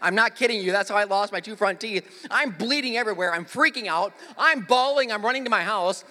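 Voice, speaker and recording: Bright-voiced energetic male pastor in a hall. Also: sits high. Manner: energetic storytelling with call-and-response. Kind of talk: sermon. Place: church sanctuary. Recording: echoey church hall.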